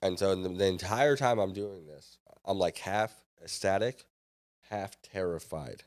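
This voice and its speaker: A man's voice: low voice, a little slow, darkish tone. A man in his thirties, a podcast guest, telling a story casually and acting out the dialogue.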